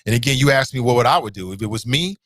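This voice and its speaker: A man's voice: mid-range voice, expressive, racing, fairly bright tone, dry recording. A man hosting a call-in talk show, blunt and emphatic, repeating his points. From United States.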